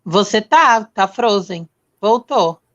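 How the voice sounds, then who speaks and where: A woman's voice: mid-range voice, lively intonation, slow pace. Brazilian lady teasing from across the room, muffled dull audio. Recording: dull off-mic sound.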